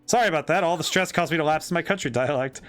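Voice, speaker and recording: Guy reading out a sincere young fortune teller lady from a game, bit of a higher voice, soft music behind. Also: racing, lightly acted. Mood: earnest. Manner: reads the dialogue aloud in his own voice, calm and sincere.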